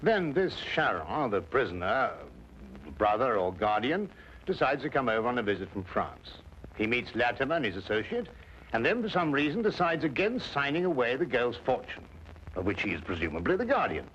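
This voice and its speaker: An actor playing an amiable Victorian doctor in a 1950s TV drama, talking in a thoughtful, musing way. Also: male voice, mid-range voice, big pitch swings, normal speed, fairly bright tone. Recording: dull old TV soundtrack with faint hiss.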